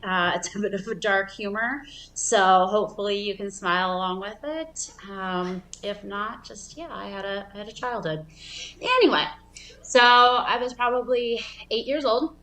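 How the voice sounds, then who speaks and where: A woman in her thirties doing stand-up comedy storytelling. She talks casually and rambles, with frequent fillers and asides, at an ordinary pitch for a woman. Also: animated, normal speed, sharp tone, echoey room, low-quality recording. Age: 30s.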